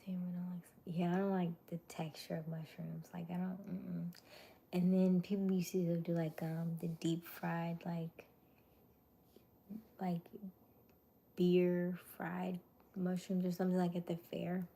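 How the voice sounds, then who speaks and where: A sleepy young woman host chatting with her viewers on a livestream, mostly in a soft whisper. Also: on the low side, level tone, measured pace, gravelly. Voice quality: whispered voice to preserve it. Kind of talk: casual live chat.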